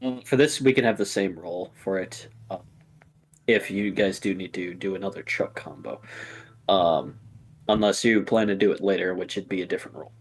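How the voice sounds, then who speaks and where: A man's voice: deep voice, breathy edge. A man narrating a tabletop game as game master, talking casually with fillers. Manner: casual, halting, with fillers and restarts.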